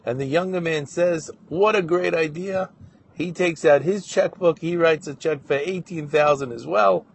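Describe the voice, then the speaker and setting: A man telling a moral story as a Torah lesson, narrating with animated questions and voiced quotes. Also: fairly high pitch, moderate pace, creaky, hardly any pauses, a little hiss or hum. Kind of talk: storytelling sermon.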